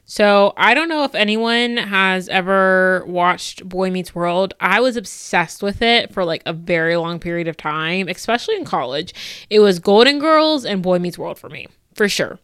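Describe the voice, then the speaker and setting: A woman's voice: medium pitch, animated, normal speed, fairly bright tone, smooth, dry recording, clean studio sound. A young woman in her twenties hosting a casual solo podcast, gushing and laughing often as she fangirls. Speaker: podcast host.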